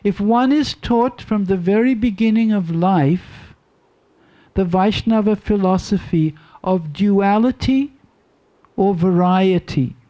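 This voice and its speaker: An older woman tells a devotional story at an unhurried pace. Her voice is soft and mellow, and she circles back over her phrases to let each point land. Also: mid-range voice. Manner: slow, deliberate storytelling with repeated phrases. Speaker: devotional class speaker. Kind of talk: storytelling sermon.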